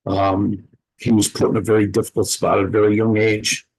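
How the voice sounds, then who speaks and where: Lowish gravelly man, husky edge, earnest reflective sharer in group chat. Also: level tone, darkish tone, poor audio. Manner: earnest, reflective, pausing to gather his words. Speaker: participant sharing a personal story. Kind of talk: heartfelt personal sharing in a group conversation.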